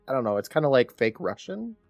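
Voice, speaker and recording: A man's voice: medium pitch, big pitch swings, fast talker, creaky, a little mellow, no echo, soft background music. A man co-hosting a podcast, casually retelling a TV episode scene by scene and quoting characters' lines as he goes. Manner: chatty retelling with quoted lines. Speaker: podcast co-host.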